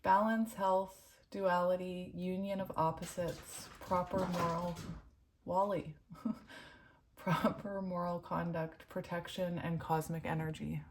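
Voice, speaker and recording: A woman's voice: fairly low pitch, steady tone, a little slow, slight background noise. A woman giving a casual tarot reading at home, giggly and gushing, laughing often and turning emotional. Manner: emotional, heartfelt. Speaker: tarot reader.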